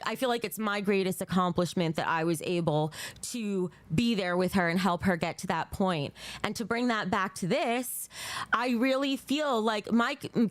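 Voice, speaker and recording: A woman's voice: medium pitch, no room sound. A young adult woman livestreaming in a casual chat, gushing and emotional, rambling as she talks to her viewers.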